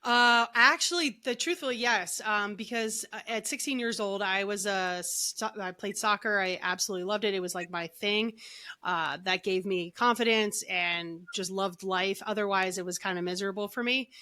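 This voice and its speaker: A middle-aged woman, an energy healer and author, tells her story as a guest on a casual podcast interview. Her medium-pitched voice has a sharp tone and a normal speed, and her chatty talk is full of "like" and restarts.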